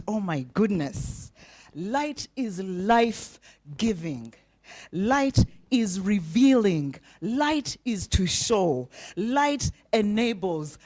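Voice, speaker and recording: A woman's voice: mid-range voice, a little mellow. A woman giving an inspirational speech at a breakfast event, emphatic and repetitive, asking the audience rhetorical questions and getting them to repeat after her. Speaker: keynote speaker. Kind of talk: inspirational speech with call-and-response.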